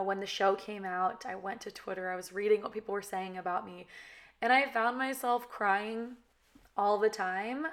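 A woman's voice: medium pitch, a bit bright. A young woman from California with a valley girl accent, talking candidly and chattily to her viewers, full of "you know" and "like". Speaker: reality TV cast member. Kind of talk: candid direct-to-camera talk.

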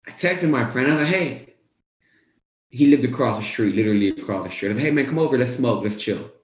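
Young male motivational coach, casual storyteller who acts out his own past lines, mid-pitched, recorded in a roomy space. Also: animated, quick pace. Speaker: weight-loss coach. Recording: roomy echo.

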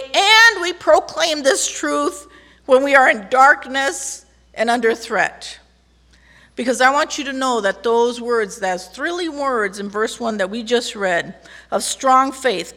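A woman pastor preaches slowly and emphatically, drawing call-and-response from her congregation. Her voice is bright and a little high. It rings out with a long reverb through the church sanctuary. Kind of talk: sermon.

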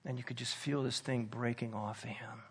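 A man preaching a sermon, telling a personal story in an earnest, conversational way that drops to soft intensity. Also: mid-range voice, steady tone, normal speed, slightly rough.

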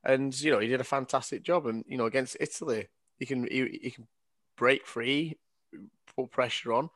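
A man's voice: medium pitch, steady tone, moderate pace, fairly bright tone, dry recording. Easygoing man in dry sound. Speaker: podcast co-host. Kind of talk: casual football podcast chat.

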